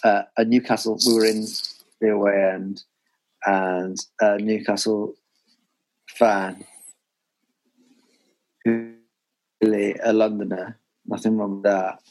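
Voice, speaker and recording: A man hosting a casual football podcast, telling stories with lively quoted shouts. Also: on the low side, slow pace, pauses often. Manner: animated storyteller, shouts quoted fans. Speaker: podcast host.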